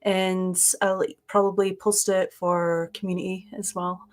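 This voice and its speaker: A woman's voice: mid-range voice, flat delivery, unhurried. Rambling woman co-host, casual chat. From Southern California. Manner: rambling, with fillers and restarts. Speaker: podcast co-host.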